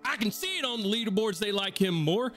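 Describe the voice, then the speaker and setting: Man doing a furious hothead on the phone, high strained yelling, cursing, lively swings, tabletop game. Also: a little fast, faint music behind. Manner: shouting, cursing, boastful rivalry. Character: hot-tempered adult man, yelling on the phone.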